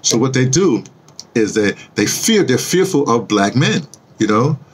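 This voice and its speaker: A man's voice: medium pitch, very animated, measured pace, slightly rough. A man talking casually to viewers in a rambling monologue, restarting sentences often and teasing them with questions. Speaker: vlogger and audio drama producer.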